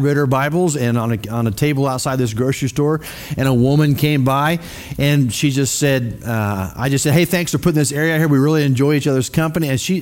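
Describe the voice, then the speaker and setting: A man preaching a sermon in a casual, conversational way, often putting questions to the congregation. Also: a little high. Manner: many fillers and restarts. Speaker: pastor.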